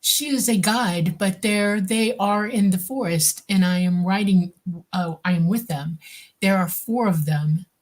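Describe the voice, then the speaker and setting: A woman under hypnosis, slowly describing visions in a halting way. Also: mid-range voice. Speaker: hypnosis client.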